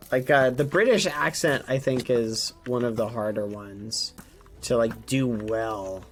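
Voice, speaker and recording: A man's voice: medium pitch, fairly even intonation, slow pace, a bit bright, soft background music. A young American man chatting casually on a livestream, meandering with lots of fillers. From United States. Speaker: streamer.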